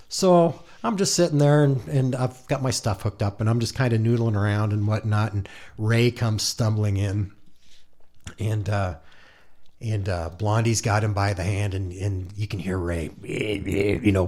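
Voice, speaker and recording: A middle-aged man from Montana with a somewhat low voice, spinning a loose, chatty anecdote as a guest on a casual interview podcast. He slips into other people's lines as he tells it, in an easygoing way. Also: fairly even intonation, a little slow, darkish tone. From Montana, USA. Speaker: guest musician, guitar player.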